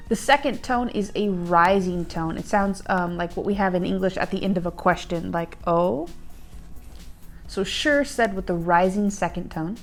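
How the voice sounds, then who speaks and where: A woman's voice: fairly low pitch, moderate pace, few pauses, soft background music. A woman hosting a language lesson, explaining in a chatty way with fillers and glancing at her notes. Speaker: host and language learner.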